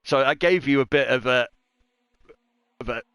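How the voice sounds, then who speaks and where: A man's voice: mid-range voice, normal speed, a bit bright, clean tone, no room sound. A man doing live race commentary on a stream, chatty and joking at his own expense. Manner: chatty, joking, self-mocking.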